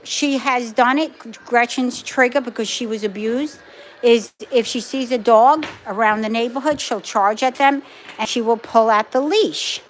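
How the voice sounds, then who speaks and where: A woman's voice: a little high, unhurried, a little hiss or hum. A woman hosting a casual live stream from her phone at home, chatting with viewers and her dogs, firm when she answers comments. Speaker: livestream host.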